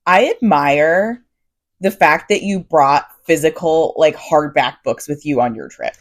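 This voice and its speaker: A woman's voice: low voice, measured pace. A woman co-hosting a book podcast, chatting casually with dry, joking sarcasm. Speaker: podcast co-host. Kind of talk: casual chat.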